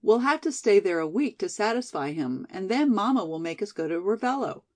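A woman's voice: medium pitch, very animated, fairly quick, darkish tone. A woman voicing a passionate, dreamy young college girl in a storybook reading, pleading and rapturous by turns. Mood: elated.

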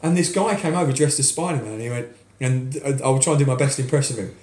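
A man's voice: mid-range voice, fast talker. British guy in his 40s rambling through stories, lots of restarts, echoey room. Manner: animated storyteller, restarts often. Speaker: podcast guest, cosplayer. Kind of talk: casual chat. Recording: roomy echo.

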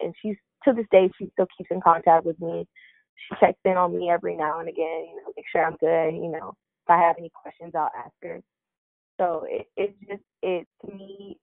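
Young woman, indie wrestler guest, lowish voice, animated storyteller, thin phone-line sound. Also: moderate pace, gravelly, no room sound. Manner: animated, laughs often, acts out quotes. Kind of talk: casual interview storytelling. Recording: dry narrow phone-like line.

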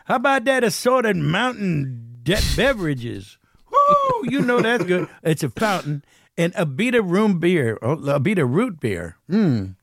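Man plays a jolly old firefly: folksy, whooping, pitched high, dry booth sound. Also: huge pitch swings, unhurried, vocal fry, a bit bright, no room sound, full character voice. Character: cheerful old male Cajun firefly.

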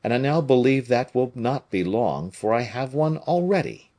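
A man voicing a bold musketeer captain, raised and brisk. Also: mid-range voice, lively intonation, a little mellow, pitched above the performer's own voice. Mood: commanding.

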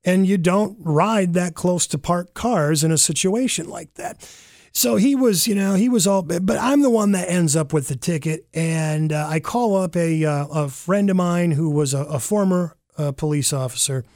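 A man casually recounting a personal mishap, animated and rambling, with fillers and self-corrections. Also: a little high, measured pace, no room sound, studio quality. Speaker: storyteller.

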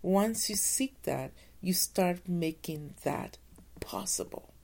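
Gravelly-voiced woman giving an earnest pep talk. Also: lowish voice, slow, a little mellow. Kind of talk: motivational talk.

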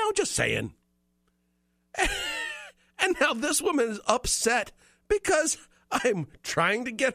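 A man hosting a home improvement radio show, telling a story in an animated, self-mocking way and acting out the dialogue. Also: sits high, no echo, studio quality. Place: radio studio.

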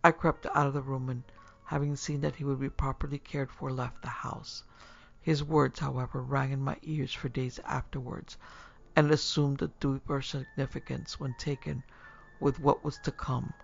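Man narrating audiobook, very gravelly voice, husky, measured, formal. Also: mid-range voice, little pitch movement. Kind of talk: audiobook narration of a classic story. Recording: dull lo-fi recording, faint music.

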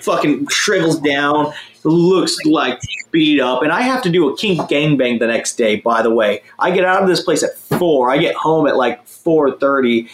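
A man's voice: mid-range voice, reverberant, a little hiss or hum. A young man telling a crude, rambling story in a casual chat, swearing often and mocking himself. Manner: profane, rambling, self-mocking.

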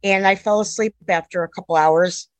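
A woman's voice: medium pitch, steady tone, normal speed, no room sound, poor audio. A middle-aged woman, a mother, telling a long personal story in an earnest, rambling way that jumps back and forth in time. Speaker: interviewee, a mother telling her daughter's story.

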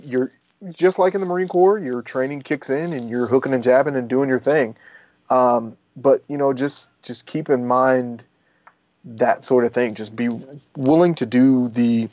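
A man who used to be a Marine and is now a firefighter talks in a loose, rambling way. He swears freely and perks up when he retells a story. His voice sits at an ordinary pitch, and the recording is dull and muffled. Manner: rambling, profane, animated when retelling stories. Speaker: guest, former Marine turned firefighter. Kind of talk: casual interview storytelling.

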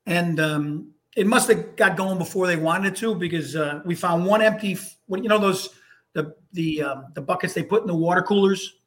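This guest, a Hartford, Connecticut firefighter, has a high-pitched voice and speaks at a moderate pace. He spins meandering firehouse tales in casual storytelling, often restarting his sentences and talking bluntly and saltily.

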